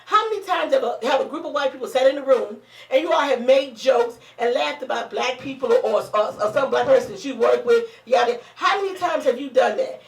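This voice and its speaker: A woman hosting a casual chat show, hoarse and blunt, talking in a fired-up, profane way. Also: sits high. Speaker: talk show host. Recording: roomy, distant mic.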